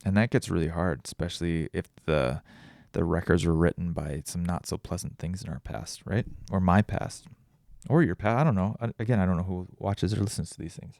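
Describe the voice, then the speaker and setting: Low gravelly man musing aloud. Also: a little fast, darkish tone, no room sound, studio quality. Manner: rambling, thinking aloud with restarts. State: tired. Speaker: podcast host. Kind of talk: casual solo reflection.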